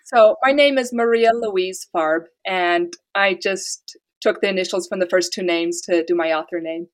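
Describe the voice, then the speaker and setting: A woman's voice: lowish voice, normal speed. A woman author from the United States, talking casually and earnestly in a podcast interview. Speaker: author guest.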